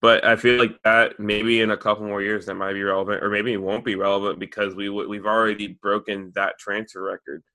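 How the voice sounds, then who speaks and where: A man's voice: on the low side, little pitch movement, brisk, few pauses, bright, forceful tone. A man co-hosting a casual sports podcast, teasing and wry. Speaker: podcast co-host.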